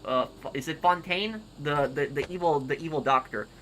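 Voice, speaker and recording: A man streaming and reading comments aloud in casual chat, halting and repeating words as he goes. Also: a little high, a bit bright, a little hiss or hum, rough recording.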